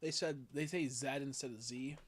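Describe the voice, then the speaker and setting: A man's voice: mid-range voice, fairly even intonation, moderate pace, a little hiss or hum. Crude, laughing young male streamer. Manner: laughing, crude, swears freely, playfully ranting. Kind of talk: casual live-stream chat.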